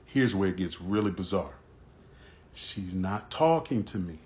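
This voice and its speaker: Animated man telling a storytime. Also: low-pitched, a little slow, slight background noise. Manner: animated, acts out dialogue. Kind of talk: storytime narration.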